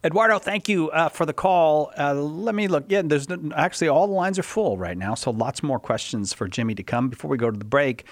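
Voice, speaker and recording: A man's voice: mid-range voice, no echo. A man hosting a call-in radio show, thanking a caller and reading an upbeat promotion. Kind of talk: radio hosting and live ad read. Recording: dry studio mic with faint music.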